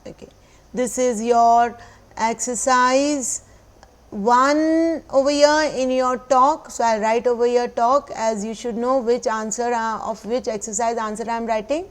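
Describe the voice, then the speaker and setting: A woman's voice: a little high, steady tone, a little slow. A woman teacher with an Indian accent giving a recorded class lesson, explaining patiently, repeating phrases and slipping into Hindi. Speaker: school teacher.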